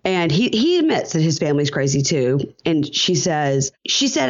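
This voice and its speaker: A woman's voice: deep voice, very animated, moderate pace, hardly any pauses, muffled recording. A woman hosting a podcast, recapping a reality show in casual, chatty talk, laughing often and acting out quotes. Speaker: podcast host.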